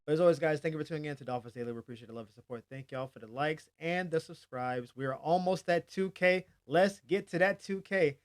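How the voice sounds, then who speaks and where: A man hosting a daily sports news channel, chatting casually and animatedly, acting out quotes with hype shouts. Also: fairly high pitch, fast talker, hardly any pauses.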